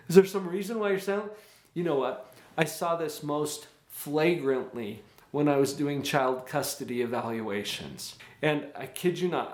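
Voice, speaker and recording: A man's voice: fairly high pitch, roomy sound. A male psychologist hosting a parenting advice talk, earnest and full of rhetorical questions, acting out what parents say. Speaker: psychologist host.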